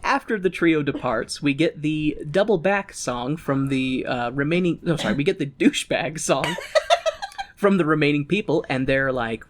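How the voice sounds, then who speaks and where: A man's voice: a little high, expressive, normal speed, a little hiss or hum. A young man co-hosting a podcast, recapping a musical in casual chat, laughing often and acting out the characters in silly voices. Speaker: podcast co-host.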